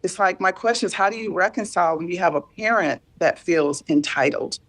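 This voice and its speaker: A woman in her fifties talking candidly and earnestly about caring for a parent, halting and repeating herself as she searches for words. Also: on the low side, a bit bright. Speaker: guest sharing caregiving story. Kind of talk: candid emotional conversation.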